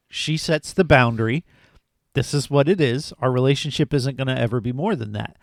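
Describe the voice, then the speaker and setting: A man's voice: medium pitch, fairly quick, vocal fry, no room sound, studio quality. A man co-hosting a podcast, chatting eagerly about a film and rambling with fillers. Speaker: podcast co-host. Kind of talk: casual movie review chat.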